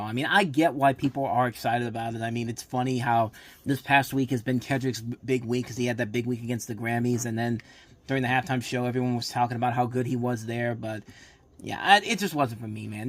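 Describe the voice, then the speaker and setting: A man hosting a live rewatch, giving excitable play-by-play commentary with frequent restarts. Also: mid-range voice. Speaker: host live-reacting to a football game. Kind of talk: casual live sports commentary.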